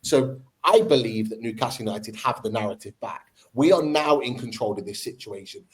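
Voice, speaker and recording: A man's voice: medium pitch, moderate pace, rough recording. Give me a fired-up man in a fan debate, ranting and repeating himself for emphasis. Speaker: football podcast host.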